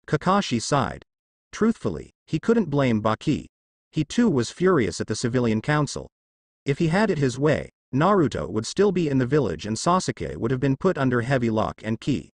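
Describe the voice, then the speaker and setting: Man reading a fan story, animated pitch. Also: moderate pace, no echo, clean studio sound. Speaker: story reader. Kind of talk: fan fiction narration.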